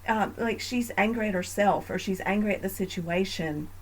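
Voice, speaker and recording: A woman's voice: medium pitch, normal speed, low-quality recording. Earnest woman podcast host on faith. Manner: earnest, reflective, with frequent fillers.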